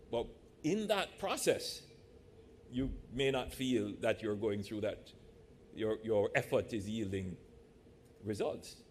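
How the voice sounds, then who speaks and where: A man from Jamaica, a politician giving a measured, deliberate speech to a live audience in a large church hall, with playful asides. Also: medium pitch, slight background noise.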